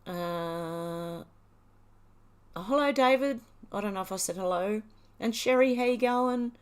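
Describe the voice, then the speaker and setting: A woman's voice: mid-range voice, slow pace, clear, resonant tone. Australian woman reading viewer comments aloud. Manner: reads viewer comments aloud and responds, chatty with fillers. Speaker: livestream host. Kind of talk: casual live chat reading.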